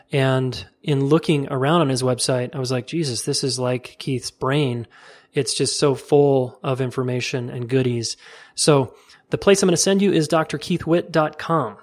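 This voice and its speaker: Male podcast host, mid-pitched, casual and upbeat, lots of affirmation. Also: normal speed, darkish tone. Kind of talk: interview and wrap-up narration.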